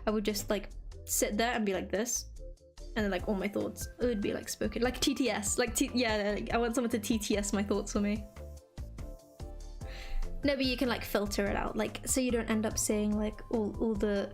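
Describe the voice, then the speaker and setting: A woman's voice: medium pitch, fairly even intonation, normal speed. A young woman from England chatting casually with her stream viewers, rambling with lots of fillers. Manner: rambling, filler-heavy, chirpy. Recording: faint music behind.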